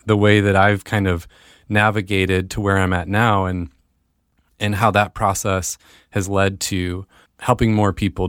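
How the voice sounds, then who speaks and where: A man hosting his own podcast, talking straight to listeners in an earnest monologue that lifts into excited bursts. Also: fairly low pitch, dry recording, studio quality. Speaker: podcast host.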